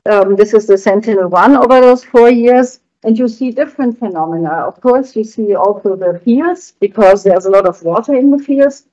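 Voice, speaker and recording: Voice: medium pitch, normal speed, few pauses, darkish tone, no echo, highs cut off. Hesitant presenter explaining slides, dry sound. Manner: hesitant, searching for words, explanatory. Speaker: researcher presenting findings.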